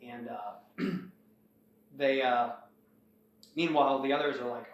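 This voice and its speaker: In a slow, mid-range voice with the highs cut off, the host loosely retells a plot, wandering along and voicing the characters' lines with animation. He's far from the mic in a room full of echo.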